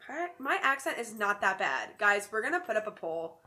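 A woman's voice: medium pitch, big pitch swings, normal speed, sharp tone. A woman co-hosting a podcast, chatting casually and joking as she walks through a spooky game step by step. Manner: chatty and joking, explains steps at length. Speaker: podcast co-host. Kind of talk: casual chat.

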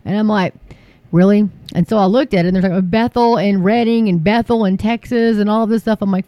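A woman's voice: medium pitch, steady tone, quick pace, dark tone, no echo. A woman from the United States hosting an online talk show, chatting to viewers in an emphatic, filler-heavy way that rises into pleading. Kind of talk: casual commentary to viewers.

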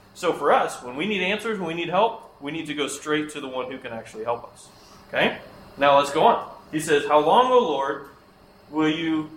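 A man's voice: fairly high pitch, fairly bright tone, reverberant, slight background noise, rough recording. A man teaching a Bible lesson to a class of children, often asking them questions and repeating their answers.

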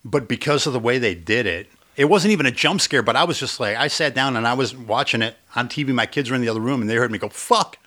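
A man's voice: mid-range voice, fast talker, hardly any pauses, sharp tone. A man in casual podcast chat about a film, his voice in the middle range for a man. He talks emphatically and swears a lot, and he readily agrees with his co-host before adding his own points. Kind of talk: casual movie review chat.

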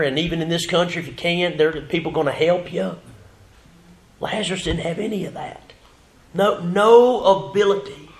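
A male pastor preaches fervently in a church sanctuary. His voice sits a little high for a man. He swells to loud emphatic runs, then falls to a hushed whisper. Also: roomy sound. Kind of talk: sermon.

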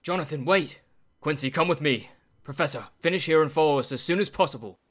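An actor playing an earnest young doctor in radio drama style. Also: male voice, on the high side, brisk, a bit bright.

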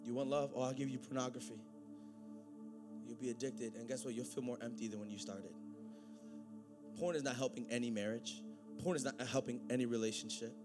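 A man preaching a sermon, swinging from loud, excited preaching to quiet, intense talk. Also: mid-range voice, a little fast, long pauses, music in the background.

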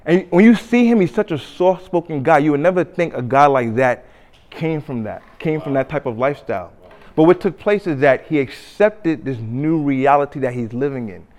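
Animated man preaching a sermon. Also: on the high side, moderate pace. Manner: animated, acts out quoted voices, swings from loud to hushed. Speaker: pastor. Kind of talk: sermon storytelling.

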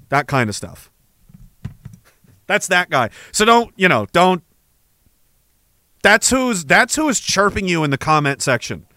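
A man's voice: high-pitched, pushed and bright, no echo. A man from Canada rambling through a sarcastic, profane comedic rant, laughing between his thoughts. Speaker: vlogger.

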